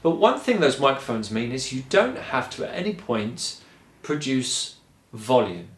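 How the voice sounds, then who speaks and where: A man's voice: mid-range voice, very animated, measured pace. Man, singing teacher, encouraging, explains step by step, echoey room. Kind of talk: vocal lesson.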